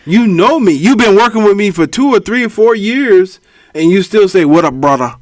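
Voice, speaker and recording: A man co-hosting a podcast tells stories in casual chat, animatedly acting out what people said to him. His voice sits high, his pace is moderate, and there's no echo.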